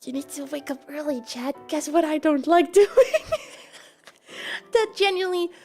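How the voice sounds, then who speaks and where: High-pitched giggly Dutch woman. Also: normal speed, warm tone, soft background music. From Netherlands. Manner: playful and giggly, chatty. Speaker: streamer. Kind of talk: casual chat with live viewers.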